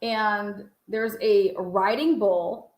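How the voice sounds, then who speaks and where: A woman telling a story casually in an interview, blunt and animated, swearing freely. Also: mid-range voice, very slow, reverberant.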